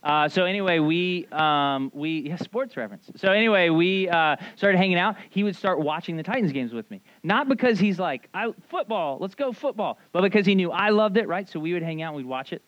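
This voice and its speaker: A man's voice: sits high, brisk, hardly any pauses, no room sound, dull audio. A man preaching a casual sermon in a conversational way, often asking "right?" and acting out short quotes. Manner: conversational, animated, frequent "like" and "right?", acts out quotes. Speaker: pastor.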